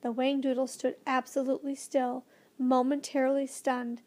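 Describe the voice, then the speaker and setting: A woman narrating a children's storybook with a gentle, expressive reading. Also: high-pitched, moderate pace. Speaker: audiobook narrator.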